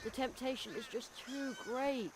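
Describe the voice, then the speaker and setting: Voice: high voice, normal speed, noisy background, lightly acted. A voice actor playing a curious, adventurous young boy in a video game, earnest with a wry edge. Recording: game audio under music.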